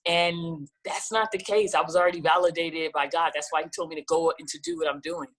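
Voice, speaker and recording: Woman guest singer, lively storyteller who slips into voices when quoting people. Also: deep voice, fairly quick. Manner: animated, acts out quoted dialogue. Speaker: gospel singer-songwriter guest. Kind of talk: casual storytelling interview.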